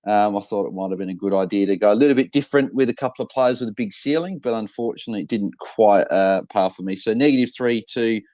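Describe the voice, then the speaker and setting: Aussie bloke cohosting a footy podcast, lowish voice, dry close mic, chatty with lots of ums. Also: male voice, fast, few pauses, darkish tone, no room sound. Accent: Australian. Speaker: co-host. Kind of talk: casual podcast chat.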